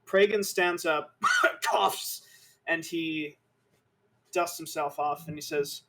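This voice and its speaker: A man narrating a tabletop game as game master, slow and dramatic in his descriptions. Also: fairly high pitch, bright, forceful tone.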